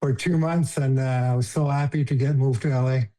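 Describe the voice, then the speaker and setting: A man's voice: mid-range voice, fairly even intonation, brisk, dark tone. A man in his fifties with a French accent tells stories in a casual, emotional way. He laughs easily and his voice rises when he acts out other people's lines. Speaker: guest, former hockey player. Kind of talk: casual storytelling.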